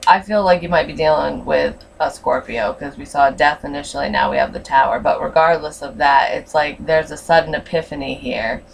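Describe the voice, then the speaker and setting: Frank tarot reader, a woman with a lowish voice, a bit off-mic with faint hiss. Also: brisk, creaky, few pauses, far from the mic, rough recording. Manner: blunt and frank, swears freely. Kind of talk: casual tarot reading.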